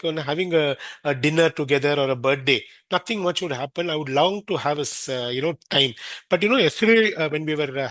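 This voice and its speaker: A man's voice: a little high, fairly bright tone, no room sound. A man with an Indian accent, a podcast guest telling a long anecdote, often acting out the words of the people in it. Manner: rambling anecdotes, acting out others' quoted words. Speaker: podcast guest, senior care expert. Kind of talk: storytelling in a podcast interview.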